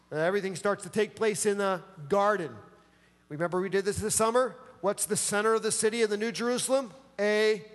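A man's voice: sits high, big-room sound. A man preaching a sermon in a casual, enthusiastic, slangy way. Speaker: pastor.

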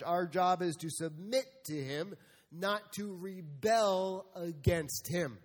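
A man with a high, ringing voice preaches a sermon, leaning into emphatic rhetorical questions and now and then acting out God speaking. His voice carries a long reverb, as in a large church hall. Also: slow. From United States. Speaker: pastor. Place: church sanctuary.

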